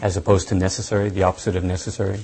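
A man giving a lecture on scripture, thinking aloud deliberately and stressing key points. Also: deep voice, flat delivery, darkish tone, low-quality recording. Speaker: Bible teacher.

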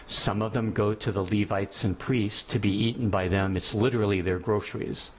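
A man's voice: fairly low pitch, fairly even intonation, moderate pace, husky. A man teaching a class, lecturing on ethics and thinking aloud as he goes, often restarting his sentences.

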